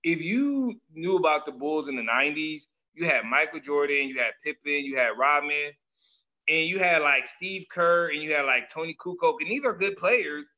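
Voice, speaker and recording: A man's voice: fairly high pitch, lively intonation, normal speed, bright, forceful tone. A man hosting a casual chat, talking loosely and animatedly with lots of slang and often acting out other people's words. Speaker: podcast host. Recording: dull lo-fi audio.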